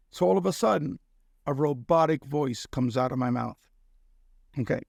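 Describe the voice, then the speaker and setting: A man's voice: on the high side, normal speed, creaky, darkish tone, dry recording, studio quality. A middle-aged man from Cuba, a guest telling a personal story in casual conversation and often checking in with "okay?". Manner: earnest storyteller who keeps checking in with "okay?".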